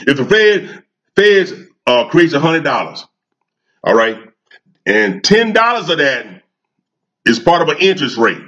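A man's voice: a little high, very animated, a little slow, pauses often, a bit bright, lo-fi sound. A man, a cigar vlogger talking in a fired-up casual monologue, repeating himself and asking his audience questions.

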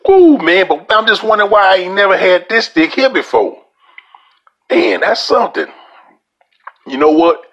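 A man's voice: high voice, sing-song, normal speed, gravelly, long pauses, a bit bright, lo-fi sound. A man hosting a podcast, casually reviewing a cigar in a folksy, drawling way. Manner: folksy, drawling, addresses listeners as y'all. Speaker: podcast host.

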